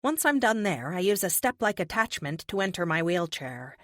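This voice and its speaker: Expressive woman audiobook narrator, lowish voice, close and dry studio mic. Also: moderate pace, no room sound. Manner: expressive, conversational first-person reading. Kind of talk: first-person audiobook narration.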